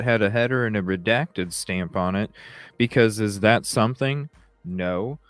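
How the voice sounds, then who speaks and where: A man hosting a podcast, talking through a case in animated, questioning casual discussion. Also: on the low side, measured pace, no echo. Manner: animated, questioning, acts out quoted lines. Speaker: podcast host.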